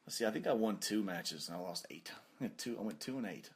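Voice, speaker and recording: A man's voice: fairly low pitch, expressive, quick pace, slightly rough. A man co-hosting a podcast, telling stories in casual chat, cursing and laughing often. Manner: laughs often, profane, storytelling. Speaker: podcast co-host.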